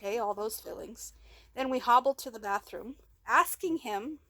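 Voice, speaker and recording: A woman's voice: on the high side, gravelly, a bit bright, no room sound. A woman telling a raw personal vlog story into a handheld phone, rambling and emotional, with many restarts, speaking of herself as "we". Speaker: vlogger.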